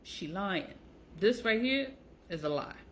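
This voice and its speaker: Reacting to text messages, a woman who sells online and vlogs gives blunt, casual commentary full of exasperation and mockery. She speaks slowly at medium pitch with lively intonation, on a low-quality recording with a little hiss or hum.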